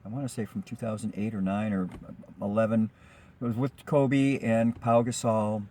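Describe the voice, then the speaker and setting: A man's voice: fairly low pitch, steady tone, normal speed, mellow. A man, a rideshare driver, telling a personal anecdote in a rambling, chatty way with frequent ums and restarts. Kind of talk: casual spoken anecdote.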